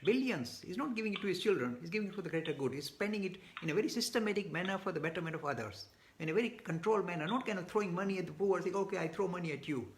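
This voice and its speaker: A man's voice: sits high, expressive, rapid-fire, slight background noise. A man answering audience questions in a live online talk, speaking emphatically with frequent restarts and repeated words. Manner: gets worked up.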